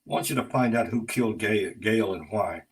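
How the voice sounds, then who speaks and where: A man voicing a formal, courteous gentleman of about forty who apologizes for imposing, in a spoken story. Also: fairly low pitch, a little fast, slightly rough, poor audio.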